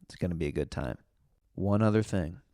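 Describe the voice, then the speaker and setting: A young man hosting his own podcast, chatting casually and excitably on his own and laughing often. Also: low voice, brisk, no room sound, studio quality. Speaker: podcast host. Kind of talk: casual solo podcast chat.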